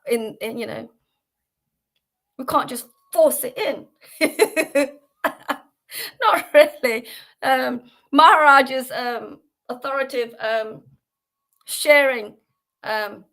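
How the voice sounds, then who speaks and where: A woman from the United Kingdom leads a casual devotional class over a livestream. Her slightly high voice runs on earnestly, full of fillers and restarts. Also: fairly bright tone.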